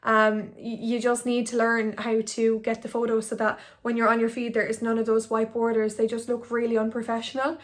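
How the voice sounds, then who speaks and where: A woman's voice: fairly high pitch, monotone, a little fast, few pauses. A young woman, an Instagram blogger giving tips in a chatty, rambling vlog to a phone camera. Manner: chatty, rambling, filler-heavy. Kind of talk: casual talking-head vlog. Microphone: phone on ring light.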